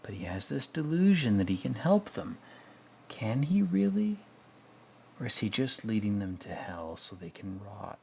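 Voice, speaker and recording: A man hosts a casual film commentary monologue, his fairly low voice slightly slow, darkish, and edged with vocal fry, swinging widely in pitch. Reflective in manner, he retells scenes with acted-out quotes and often sinks to a near whisper, with a little hiss or hum in the background.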